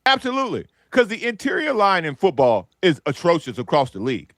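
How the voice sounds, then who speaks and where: A man argues on a sports talk podcast with a lively, swooping voice that climbs when he gets excited. He fires off rhetorical questions and answers them himself, recorded close and dry. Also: high-pitched, brisk, dry recording. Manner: animated, rhetorical questions, hype. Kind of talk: casual sports debate.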